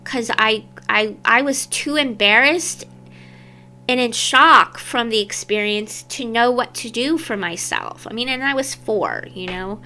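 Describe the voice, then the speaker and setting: Candid woman, bright and clear. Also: on the high side, unhurried. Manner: candid, meandering, self-interrupting. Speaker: vlogger. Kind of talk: personal storytelling to camera.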